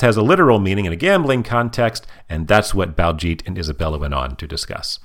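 Man, very low voice, casual podcast co-host, dry explaining. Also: animated, quick pace, few pauses. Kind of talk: casual chat.

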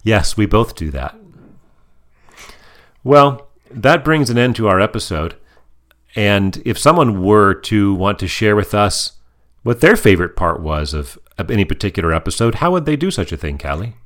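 A man's voice: lowish voice, very animated, moderate pace, fairly bright tone. A man hosting a casual podcast with his daughter, chatting about a cartoon episode. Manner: chatty, plays dad to daughter co-host. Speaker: podcast host. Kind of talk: casual chat.

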